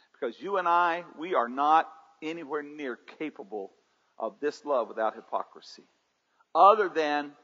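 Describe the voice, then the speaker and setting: In a church sanctuary, a pastor preaches with a fairly high, bright, husky voice and a forceful tone, his intensity rising and falling as he calls on the congregation to answer back. The livestream audio sounds dull, with the room's reverb clearly audible.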